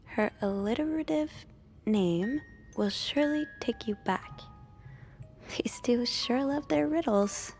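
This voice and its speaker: An actress voicing a curious young hotel maid in a mystery video game, wry and talking to herself, over game music. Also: female voice, a little high, expressive, slow pace, a little mellow. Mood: musing. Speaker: game protagonist.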